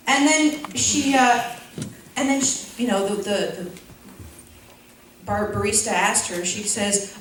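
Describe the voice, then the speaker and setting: In an echoey school auditorium, recorded from a distance with a little hiss or hum, a young woman does stand-up for a laughing audience. She speaks unhurriedly at a fairly high, slightly bright pitch, with long pauses, rambling jokes, lots of fillers and self-deprecating remarks.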